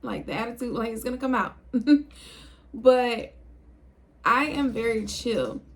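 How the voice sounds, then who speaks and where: A young woman talking to her viewers in a low, calm, unhurried way, casual and reflective. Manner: low, calm, chill delivery. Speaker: video creator. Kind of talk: casual talk to camera.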